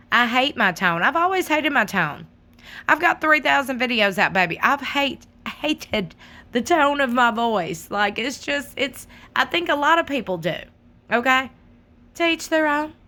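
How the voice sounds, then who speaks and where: A woman hosting her own channel, talking straight to her viewers in a sassy, animated, casual commentary. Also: on the high side.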